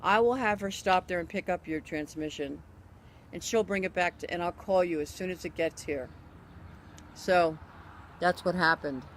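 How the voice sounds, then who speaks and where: Woman telling a story, quick restarts. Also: on the low side, a little hiss or hum. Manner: animated, acts out other people's quoted lines; frequent restarts and self-corrections. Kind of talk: casual spoken anecdote.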